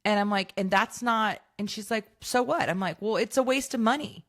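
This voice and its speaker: A woman's voice: medium pitch, fairly quick, a bit bright. A woman in her thirties co-hosting a podcast, telling stories in casual chat, acting out quoted dialogue and swearing freely. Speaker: podcast co-host.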